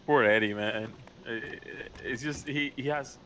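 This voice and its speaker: A man in casual chat, talking in a halting, hesitant way with many restarts. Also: medium pitch, pushed and bright, slight background noise, low-quality recording. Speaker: fellow role-player.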